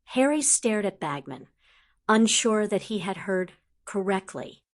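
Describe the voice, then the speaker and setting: Woman narrator, steady measured fantasy audiobook reading. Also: mid-range voice.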